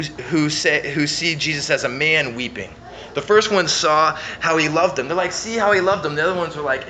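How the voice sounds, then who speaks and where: A man preaching a sermon, walking his listeners through scripture in an earnest, conversational way. His voice sits in an ordinary middle pitch, pushing hard on key words and then dropping to a near-hush. A faint noise lies under the recording. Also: low-quality recording. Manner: earnest, swings from emphatic to hushed. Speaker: pastor.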